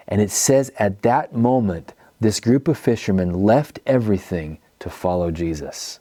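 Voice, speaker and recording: A man's voice: fairly low pitch, animated, moderate pace, few pauses, mellow, no room sound, studio quality. A man preaching a teaching sermon, telling the story and acting out quoted speakers. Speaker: pastor.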